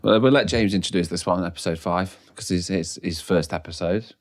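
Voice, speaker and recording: Low-voiced English man, joking podcast co-host, quick to laugh, light music bed. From England. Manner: jokey, laughs often. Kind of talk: casual chat.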